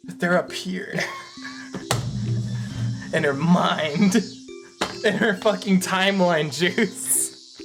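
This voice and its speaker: A man jokes crudely and rambles while playing through a game with a friend. He talks slowly with a lively, swinging pitch. Game music sits in the background. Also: creaky. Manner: joking, crude, meandering. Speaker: co-host of a game playthrough. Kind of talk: casual banter.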